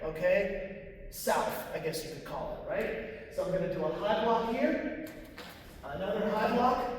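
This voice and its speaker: A man with a high voice, teaching as a taekwondo instructor in a large matted training room. He talks through each move while he performs it and keeps checking in with his students. The sound is heavily echoey and picked up from far across the room, with faint room noise behind him. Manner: explains step by step, often checks in with "okay?". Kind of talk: demonstration walkthrough. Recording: echoey hall, far from the mic.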